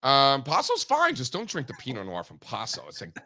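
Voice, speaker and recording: A man hosting a live market show, brash and animated, swearing casually as he chats. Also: medium pitch, fairly quick. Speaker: host. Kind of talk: casual livestream chat.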